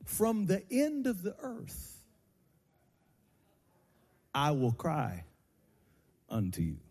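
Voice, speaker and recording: A male pastor preaching a sermon to his congregation on a handheld microphone, building from slow teaching into shouted, sung cadences. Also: a little high, wildly swooping pitch, slightly rough, long reverb tail. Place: church sanctuary.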